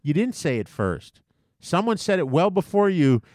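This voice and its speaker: A man co-hosting a casual podcast chat, swearing freely and rambling through stories with lots of halting restarts. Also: fairly high pitch, very animated, darkish tone, no room sound, clean studio sound. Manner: profane, rambling, with frequent filler restarts. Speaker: podcast co-host.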